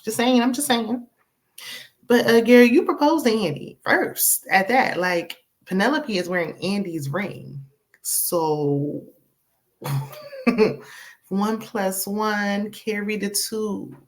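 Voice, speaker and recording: A woman hosting a casual TV episode recap, sassy and animated, acting out the characters' lines. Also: mid-range voice, takes it slowly. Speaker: TV recap host.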